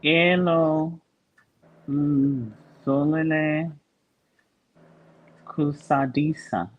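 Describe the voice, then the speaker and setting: A man in an online language class who asks questions to clear up a point he is unsure about. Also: on the high side, steady tone, very slow, lo-fi sound. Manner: questioning, seeking clarification. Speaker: student.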